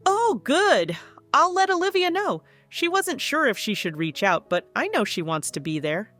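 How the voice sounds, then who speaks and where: A pushy middle-aged mother, as a woman narrator reads her lines, pressing and half pleading with a guilt-tripping edge. Her voice jumps up high at times. It is a read-aloud story. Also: expressive, normal speed, fairly bright tone, faint music behind.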